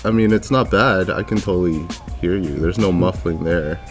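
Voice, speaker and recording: A man's voice: low-pitched, moderate pace, faint music behind. A man chatting casually on a headset call, hesitant and easygoing. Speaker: colleague on a call. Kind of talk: casual chat.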